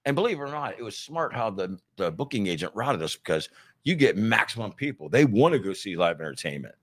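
A man's voice: fairly low pitch, big pitch swings, a little fast. Easygoing middle-aged man from Ohio. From Ohio, near Youngstown. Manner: easygoing, quotes people in dialogue. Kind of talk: casual storytelling chat.

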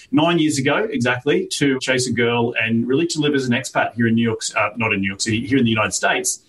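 An upbeat Australian man in his thirties, a guest in a podcast interview, telling his story in a talkative way and laughing easily. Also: mid-range voice. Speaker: guest entrepreneur. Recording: voice a little distant from the mic.

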